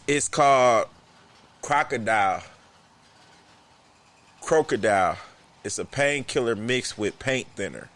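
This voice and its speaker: A man co-hosting a podcast, telling a long story in an animated, profane, slangy way. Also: on the low side. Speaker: podcast co-host. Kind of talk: casual storytelling chat.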